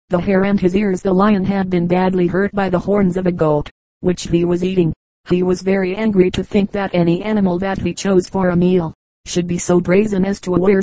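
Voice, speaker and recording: Female audiobook narrator, measured, mellow and dry. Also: fairly low pitch, dry recording, rough recording. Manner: measured, steady reading. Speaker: audiobook reader. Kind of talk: scripted storybook narration.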